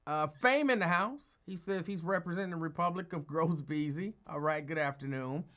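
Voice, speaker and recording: A man's voice: on the high side, normal speed. Tired, easygoing man hosting a live chat. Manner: easygoing, greets listeners by name, rambling; calm, holding back from yelling. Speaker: talk show host. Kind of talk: casual live-stream chat.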